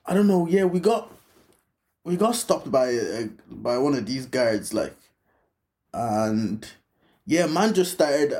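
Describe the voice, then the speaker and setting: A young man co-hosting a podcast, throwing in quick, teasing banter. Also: medium pitch, big pitch swings, a little mellow. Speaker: podcast co-host. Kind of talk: casual chat.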